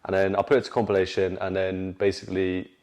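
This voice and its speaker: A man's voice: low-pitched, little pitch movement, quick pace, darkish tone. A young man, a fitness coach co-hosting a casual podcast, rambling loosely with plenty of "you know what I mean".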